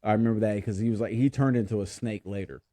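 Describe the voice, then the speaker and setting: A man's voice: lowish voice, fast, dark tone. A man hosting a podcast in casual chat, laughing often and stumbling over his words. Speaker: podcast host.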